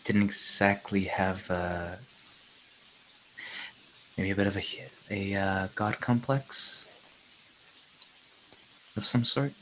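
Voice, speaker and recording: Deep-voiced guy at the game table, slow hesitant talk, faint noise behind. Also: a bit bright, rough recording. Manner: hesitant, full of fillers. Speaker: player. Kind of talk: casual tabletop play.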